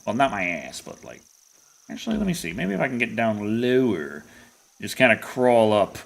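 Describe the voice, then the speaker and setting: Animated, rambling male game streamer. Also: medium pitch, moderate pace, creaky. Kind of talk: casual gameplay commentary.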